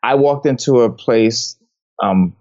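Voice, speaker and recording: A man's voice: medium pitch, slow pace, mellow. Easygoing man, dull lo-fi sound. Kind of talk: casual chat.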